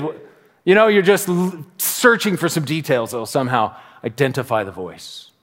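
A man's voice: fairly high pitch, moderate pace. Man preaching animatedly in a reverberant hall. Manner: animated storytelling with acted-out asides. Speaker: pastor. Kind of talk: sermon. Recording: long reverb of a large hall.

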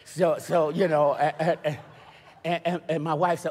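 Older husky preacher in a reverberant church. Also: male voice, a little high, flat delivery, moderate pace. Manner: storytelling with stammered restarts, building to shouted preaching. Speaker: pastor. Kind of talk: sermon. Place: church sanctuary.

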